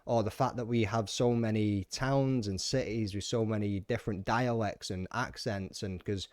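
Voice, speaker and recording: A man's voice: on the low side, fairly even intonation, no room sound. A man hosting a podcast, chatting casually in a rambling, sweary way. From United Kingdom. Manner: rambling and sweary, fast-talking. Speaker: podcast host. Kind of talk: casual chat.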